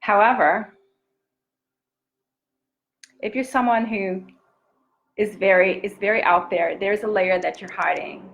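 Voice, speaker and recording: A woman in a mid-range voice gives an earnest, heartfelt talk live to her viewers, picked up by a camera mic. Her tone is intimate and encouraging, and at times it softens almost to a whisper. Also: mid-range voice, steady tone, a little slow, vocal fry, long pauses, lo-fi sound. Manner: earnest, intimate and encouraging, often drops to a soft near-whisper. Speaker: self-love coach. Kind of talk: live-streamed motivational talk.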